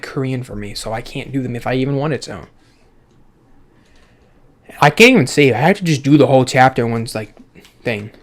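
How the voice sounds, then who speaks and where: Sarcastic, profane man doing game commentary. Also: medium pitch. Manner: sarcastic, profane, reacting aloud to game dialogue. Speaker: let's play gamer. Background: faint game music.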